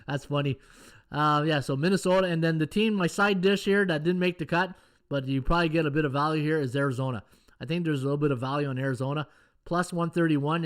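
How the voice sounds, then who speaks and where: Middle aged guy hosting a live stream, rambly and jokey, bit high voice, nice smooth tone. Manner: rambling, chatty, banters with chat viewers. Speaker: podcast host, sports handicapper. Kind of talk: casual live-stream betting talk.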